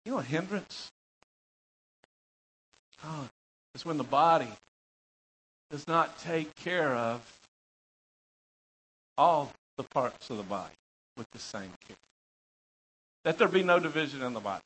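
A male preacher delivers a sermon in a high, bright voice. He tells stories with lively energy and wanders off into rambling asides. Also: moderate pace, long pauses, slightly rough, low-quality recording. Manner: animated storytelling, rambling asides. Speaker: pastor.

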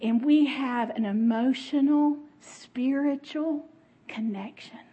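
A middle-aged woman gives a sermon in a chatty, expressive way, often laughing and talking with her listeners. Her voice is husky and sits a little high. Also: slow pace. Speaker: speaker. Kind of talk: conversational sermon.

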